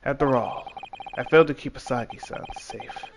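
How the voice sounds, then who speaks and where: A man's voice: mid-range voice, moderate pace, noisy background, close to an everyday voice. A man reading the lines of a dutiful male inspector guarding a ship cabin, in his plain voice. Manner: reads game text aloud in a plain voice. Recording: game music playing behind.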